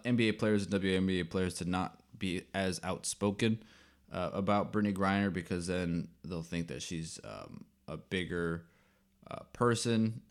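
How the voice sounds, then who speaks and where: Podcast host, man, low voice, rambling casual sports talk full of fillers. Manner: rambling, with many fillers and restarts; gets worked up when telling a work story.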